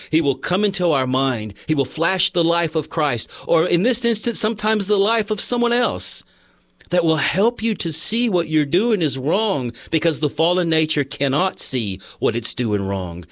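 A man's voice: on the high side, fairly bright tone, dry recording. A man preaching a sermon, earnest, telling personal stories and reading passages aloud from a book. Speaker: pastor.

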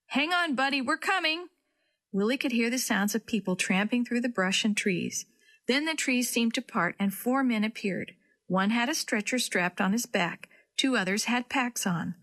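A woman reading a chapter book aloud to children in a friendly, expressive way. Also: on the high side, normal speed. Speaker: children's story reader. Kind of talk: storybook read-aloud.

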